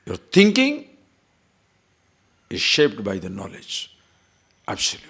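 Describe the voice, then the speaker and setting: Animated spiritual teacher lecturing. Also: male voice, fairly low pitch, takes it slowly, breathy edge. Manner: animated, rhetorical questions, repeats words for emphasis. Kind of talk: scripture lecture.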